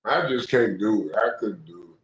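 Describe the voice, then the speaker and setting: A man's voice: on the low side, moderate pace. Young man ranting on an echoey stream. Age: young adult. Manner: animated ranting storyteller, slangy. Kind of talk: casual livestream chat. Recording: echoey, dull lo-fi audio.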